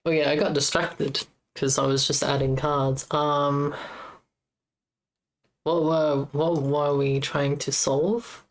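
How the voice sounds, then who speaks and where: A woman streaming as she debugs her game, muttering to herself in a halting, casual way. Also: low voice, little pitch movement. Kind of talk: casual live-stream coding commentary.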